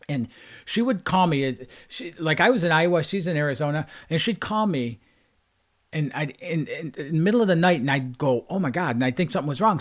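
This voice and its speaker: Earnest man giving a motivational talk. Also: fairly high pitch. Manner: earnest, repetitive emphatic phrasing. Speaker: life coach.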